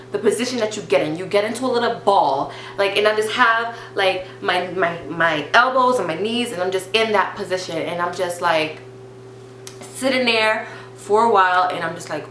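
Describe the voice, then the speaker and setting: A young woman vlogger telling a story in casual chat, acting out other people's voices. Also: medium pitch. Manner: animated, acts out voices of teacher, nurse and mom. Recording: echoey room with faint hum.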